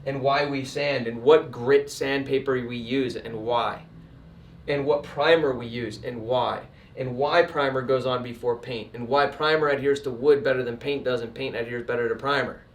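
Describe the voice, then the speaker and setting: A man teaching sales in a casual, conversational way, emphatic and lively as he walks through examples. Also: medium pitch, normal speed, roomy sound. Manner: conversational and emphatic, acts out customer types. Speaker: sales trainer and painting business owner. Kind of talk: casual instructional talk. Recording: voice a bit distant from the mic.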